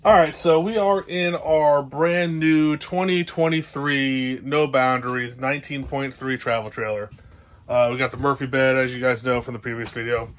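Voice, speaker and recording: A man's voice: mid-range voice, fairly even intonation, normal speed, a little hiss or hum. A man with a New Jersey accent, vlogging casually from inside a travel trailer and showing off gear in a rambling, upbeat way, with lots of fillers. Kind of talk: casual show-and-tell vlog.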